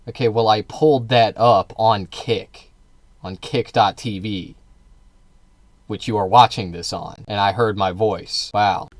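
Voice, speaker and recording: A man's voice: on the low side, fairly even intonation, measured pace, no room sound. A man streaming live, arguing with his chat in a combative, sarcastic, profane way. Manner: sarcastic, mocking. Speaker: livestreamer.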